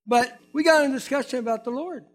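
A man's voice: very high-pitched, quick pace, soft background music. A man preaching a conversational sermon as a pastor, acting out quoted voices and building to emphatic peaks.

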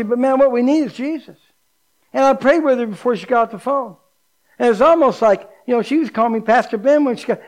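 A middle-aged man preaching as a pastor, animated and folksy, dropping to a hushed low voice for emphasis. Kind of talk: sermon.

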